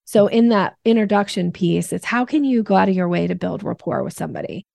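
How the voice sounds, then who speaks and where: Gravelly-voiced woman coaching on sales. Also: medium pitch, brisk, no echo, studio quality. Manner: energetic teacher, acts out voices in examples. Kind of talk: podcast interview, explaining and teaching.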